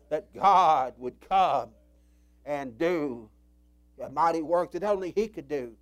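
A male preacher delivering an impassioned sermon, swinging from loud cries to low murmurs.

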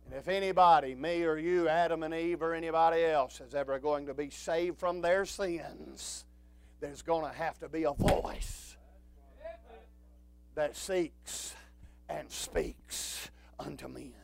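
A man preaching a sermon, swinging from quiet talk up to shouted preaching. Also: a little high, a little slow, vocal fry, slight background noise.

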